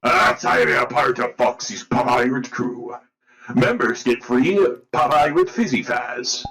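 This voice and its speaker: A man's voice: medium pitch, slow pace, sharp tone, echoey room. A man voicing a boisterous male pirate fox animatronic who speaks in pirate talk and stutters with glitchy repeats. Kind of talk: cartoon character performance.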